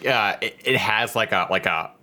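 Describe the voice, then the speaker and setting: A man riffs loosely in a casual podcast chat, his voice bright and forceful. He strings thoughts together with many fillers and frequent laughter. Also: fairly low pitch, moderate pace.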